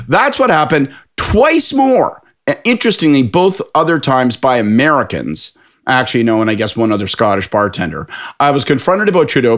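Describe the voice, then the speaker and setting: Lively man telling a story. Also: a little high. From Canada. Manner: animated, profane storytelling with lots of put-on voices. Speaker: political commentator. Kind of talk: casual anecdote on a podcast panel.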